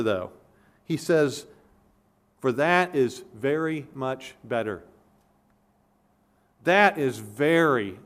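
A male pastor delivering an expository sermon in an earnest, emphatic way. He repeats key words for weight and often restarts his phrases. His voice sits at an ordinary middle pitch for a man.

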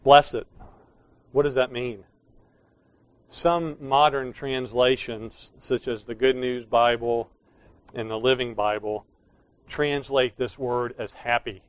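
A man's voice: medium pitch, steady tone, slow, dry recording. Man, pastor preaching a sermon, emphatic, explanatory, slightly muffled dry recording. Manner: emphatic, explanatory preaching with stressed key words.

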